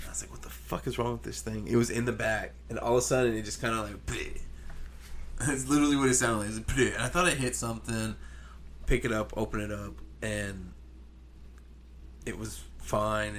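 A man's voice: lowish voice, a little hiss or hum. Casual storytelling man, swears freely. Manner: animated, swearing, imitates engine noises. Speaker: podcast co-host.

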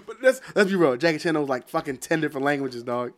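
A man, his voice a touch higher than most. He chats casually on a podcast into an uncovered studio mic. He rambles, swears and laughs between his points. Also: animated, quick pace. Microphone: studio mic without cover.

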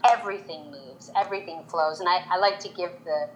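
Fortyish woman guest, lowish voice, storytelling, acts out quotes all animated. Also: a little fast, a little hiss or hum, low-quality recording. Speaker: makeup artist, guest. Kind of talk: storytelling interview answer.

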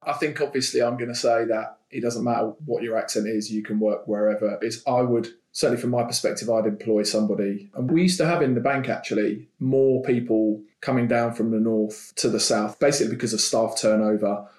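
A man's voice: medium pitch, fairly even intonation, a little fast, few pauses, darkish tone. A middle-aged man with a London accent, a podcast guest who talks in loose, hedging, run-on sentences. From London, England. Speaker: guest, banking executive. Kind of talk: conversational podcast interview. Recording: echoey room.

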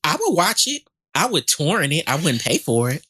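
A woman's voice: low voice, very animated, moderate pace, bright, forceful tone, breathy edge. A woman co-hosting a comedy gossip podcast, making blunt, profane wisecracks in casual chat. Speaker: podcast co-host.

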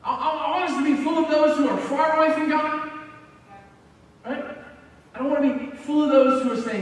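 A man preaching a sermon as pastor, telling the story in a conversational, animated way with asides to his congregation. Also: very high-pitched, a little fast. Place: church sanctuary. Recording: echoey hall, mic from far off.

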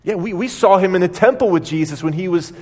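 A man's voice: high voice, fast talker, warm tone, big-room sound, pitched above the performer's own voice. A man preaching acts out a young servant girl who insists she recognizes someone, speaking in a raised voice. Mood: insistent. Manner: insistent, pointing him out.

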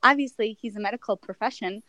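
A woman's voice: mid-range voice, quick pace, bright, forceful tone, dry recording, poor audio. A young woman candidly telling a personal story as a guest, rambling with many fillers and restarts.

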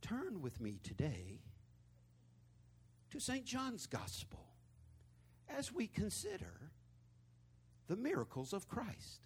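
A man voicing a solemn male radio preacher who speaks in a slow, measured, hushed pulpit tone. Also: high voice, huge pitch swings, slightly rough, exaggerated voice.

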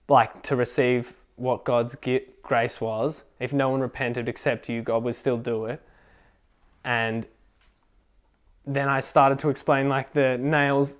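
A young man telling a faith testimony at a casual youth gathering, excitable and full of fillers. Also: mid-range voice, clean tone. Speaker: youth group speaker.

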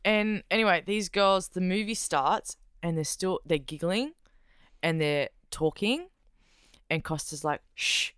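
A speaker telling a story in casual chat, animated and sweary, acting out what others said. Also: mid-range voice, unhurried, clear, resonant tone, dry recording, clean studio sound.

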